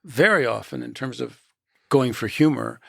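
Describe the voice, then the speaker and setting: A man with a gravelly, husky voice talks slowly through his thoughts as an interview guest, circling back and restarting phrases before he lands on a point. The sound is close and dry, with no room around it. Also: medium pitch, a bit bright, no room sound. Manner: measured, storytelling, restarts phrases. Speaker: actor and guest. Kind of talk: reflective interview talk.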